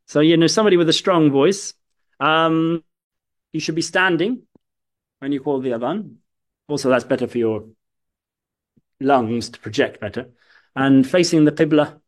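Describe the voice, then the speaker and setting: A man teaching a lesson on religious practice, explaining step by step and sometimes breaking into chanted demonstrations. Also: a little high. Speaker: Islamic studies teacher.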